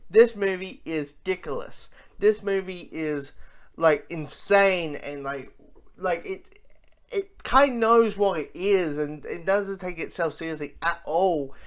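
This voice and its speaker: A casual movie reviewer talks with real enthusiasm, starting a thought, dropping it, and starting again. Fillers and restarts run all through the delivery, which has a middle pitch. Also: measured pace. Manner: rambling, with many fillers and restarts.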